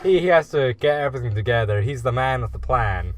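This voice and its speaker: A man's voice: medium pitch, lively intonation, a little fast. A man co-hosting a casual podcast, joking in a dry, offhand and contrary way. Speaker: podcast co-host. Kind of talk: casual chat.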